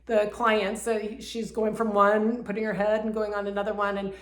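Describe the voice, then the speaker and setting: A woman's voice: medium pitch, monotone, moderate pace. A woman who works as a Reiki healer, earnestly telling a heartfelt personal story. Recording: roomy echo.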